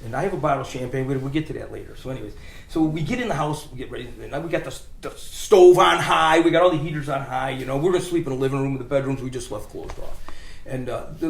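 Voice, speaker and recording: A man's voice: medium pitch, quick pace, creaky, reverberant. A man telling a long funny story in a rambling casual way, stopping to restart and laughing as he goes.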